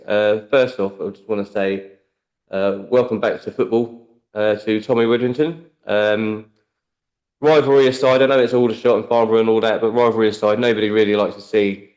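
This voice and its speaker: A man's voice: lowish voice, a little mellow. A man hosting a casual football podcast, teasing his co-host and rambling with fillers and restarts. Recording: slightly dull lo-fi sound.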